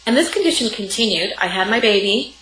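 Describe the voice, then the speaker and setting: Speaking as an interview guest, a woman in her forties who coaches sex and intimacy tells a personal story with vivid phrases piled one on another. Her voice is mid-range, animated, fairly quick and a bit bright, with roomy sound and faint background noise.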